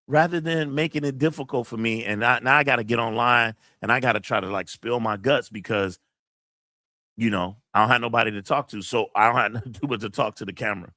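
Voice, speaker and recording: A man's voice: on the low side, bright, forceful tone, dry recording, studio quality. A man hosting his channel, venting to camera in a blunt, profane, emotional way while near tears and reading out chat messages. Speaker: channel host. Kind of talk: casual livestream venting to camera.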